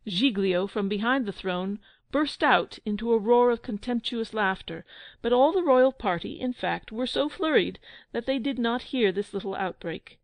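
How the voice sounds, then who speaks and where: A woman's voice: fairly high pitch, no echo. Woman reading a children's audiobook. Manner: measured, expressive storytelling. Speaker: narrator.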